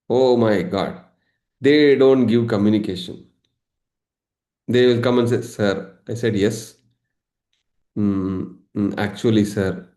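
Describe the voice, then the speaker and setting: A man teaching a live online session as a meditation coach, lively, acting out everyday examples and laughing. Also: medium pitch, reverberant. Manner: animated, acts out examples, laughs often.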